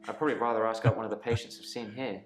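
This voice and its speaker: An actor playing a subdued, regretful patient in a video game, with acted dialogue. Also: male voice, fairly low pitch, steady tone, racing, roomy sound, a crowd in the background, natural voice.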